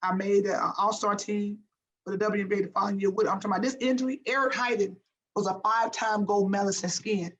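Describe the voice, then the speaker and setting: Woman, 50s, ex-athlete interview guest; motivational, emphatic, repeats for emphasis, mid pitch. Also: fast talker, lo-fi sound. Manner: emphatic and animated, repeats "I said" and "I'm telling you". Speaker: former pro basketball player, guest.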